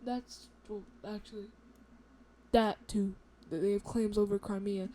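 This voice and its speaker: A woman's voice: medium pitch, level tone, a little slow, mellow, a little hiss or hum. A woman casually narrating a map series in a rambling, self-mocking way, joking as she goes. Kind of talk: casual commentary over a map.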